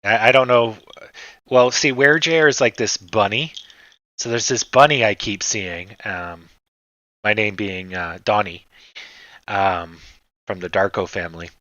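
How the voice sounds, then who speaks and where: A man's voice: fairly low pitch, a little slow, pushed and bright, no room sound, dull audio. A man hosting a stock trading livestream, chatting casually and rambling with lots of fillers, and he swears now and then.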